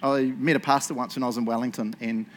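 A man preaching a casual sermon, telling stories in an excitable, chatty way and laughing along. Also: mid-range voice, quick pace, a little hiss or hum.

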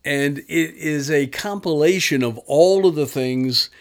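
A man's voice: a little high, unhurried, clear, resonant tone. A man, a guest on an interview show, chattily telling stories about his prank calls. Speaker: guest, prank caller and author. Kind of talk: casual interview storytelling.

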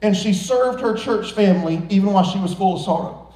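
Male pastor preaching, high bright-toned voice, joking between earnest points, big echoing church hall. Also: brisk. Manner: playful, joking asides between earnest exhortations. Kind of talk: sermon. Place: large church sanctuary.

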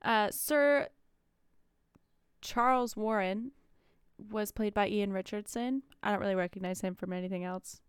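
Chatty woman with a smooth, dry voice. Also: mid-range voice, unhurried, no echo. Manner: laughs often, chatty and relaxed. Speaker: podcast co-host. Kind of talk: casual chat recapping a movie.

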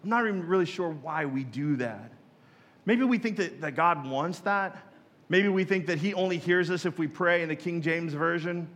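A man's voice: on the high side, normal speed, a bit bright, long reverb tail. A man preaching a sermon as a pastor, casual and joking, who acts out other people's prayers in mock voices.

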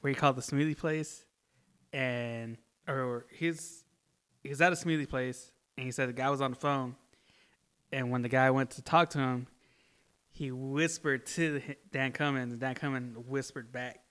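A man co-hosting a casual podcast, telling rambling anecdotes in a relaxed way. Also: mid-range voice, moderate pace, clean tone. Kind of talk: casual chat.

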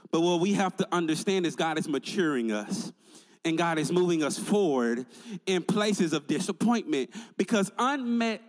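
Man, pastor, high-pitched, energetic call-and-response sermon, long echo in a large church.

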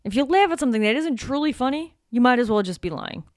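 A woman's voice: high-pitched, lively intonation, quick pace, no room sound. A woman co-hosting a casual podcast with her husband, playfully contrary and dry. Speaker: podcast co-host. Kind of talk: casual banter between spouses.

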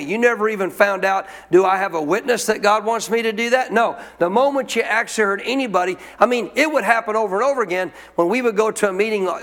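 Guy preaching, talks to the crowd like a chat, high voice, big hall echo. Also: fairly bright tone. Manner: conversational, asks the congregation questions. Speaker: pastor. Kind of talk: sermon.

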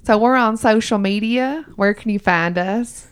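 A woman's voice: fairly high pitch, unhurried, clear, resonant tone. Woman hamming up a Southern drawl. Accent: put-on Southern US. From Georgia, US. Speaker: podcast co-host. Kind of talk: casual podcast chat.

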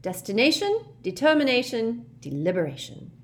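A woman reading as a brisk clever schoolgirl. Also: a little high, huge pitch swings, pitched above the performer's own voice. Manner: brisk, impatient.

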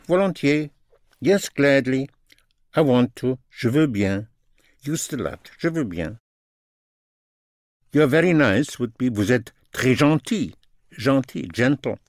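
Guy teaching a lesson, slow and careful, says every phrase twice, dry close recording. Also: medium pitch, no echo. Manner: slow, repeats each phrase and explains grammar. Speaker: French teacher.

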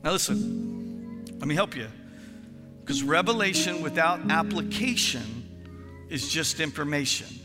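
A male pastor preaching a sermon in an animated storytelling manner, acting out phone calls with friends. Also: on the high side, unhurried, long pauses, in a large hall, loud music behind the voice.

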